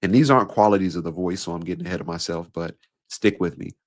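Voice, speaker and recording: Deep-voiced guy, bit nasal, light southern twang, measured podcast talk. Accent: slight Southern country twang. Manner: measured, deliberate, varies pace for emphasis. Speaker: podcast host and speaking coach. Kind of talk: solo podcast monologue.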